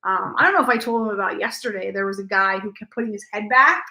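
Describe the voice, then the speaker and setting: A woman's voice: mid-range voice, animated, fast talker, pushed and bright, poor audio. A woman theatre performer chatting casually in a vlog, telling stories and acting out what people said to her. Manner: chatty storytelling, acts out quoted dialogue. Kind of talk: casual post-show vlog chat.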